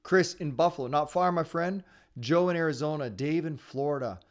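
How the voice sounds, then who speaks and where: Male webinar host, rapid and upbeat, slightly higher voice, cheers on his attendees. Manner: fast-talking; upbeat and encouraging. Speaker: webinar host and sales trainer. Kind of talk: live online training webinar. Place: his home area in Ontario.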